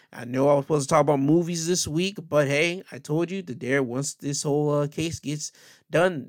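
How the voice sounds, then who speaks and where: A man's voice: mid-range voice, no echo, clean studio sound. Upbeat man rambling through a podcast sign-off. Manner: rambling, upbeat, many fillers. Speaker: podcast host.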